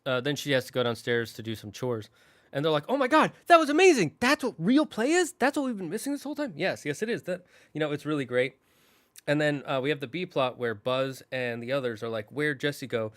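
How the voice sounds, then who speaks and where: A man hosting his channel, casually retelling a movie's story in an animated way, often restarting his sentences. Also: mid-range voice. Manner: animated, restarts often, slips into quick character voices. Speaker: channel host.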